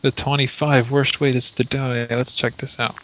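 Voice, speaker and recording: A man co-hosting a casual podcast talk, his voice level and flat in pitch. He stops and restarts as he reads things aloud. The sound is dull and lo-fi. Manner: reads search results aloud, halting. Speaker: podcast co-host. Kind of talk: casual chat.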